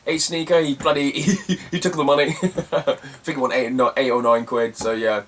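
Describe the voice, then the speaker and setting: A man's voice: mid-range voice, steady tone, normal speed, fairly bright tone, far from the mic, a little hiss or hum. A young man, telling a rambling, slangy story as a retro gaming vlogger and laughing often between phrases. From Cornwall, England. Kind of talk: casual rambling anecdote.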